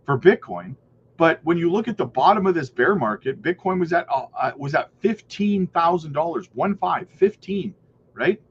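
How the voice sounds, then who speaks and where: A man talks loosely on a crypto livestream, rambling and answering viewers' questions. His voice sits a bit high. The recording is slightly muffled, with faint noise behind it. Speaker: crypto channel host. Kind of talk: casual livestream chat and news reading.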